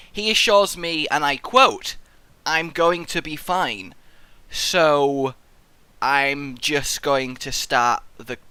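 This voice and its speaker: Hyper, high-voiced young man gaming. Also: smooth, no echo. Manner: excitable, goofy and rambling, swears freely. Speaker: let's play host. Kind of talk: rambling gameplay commentary.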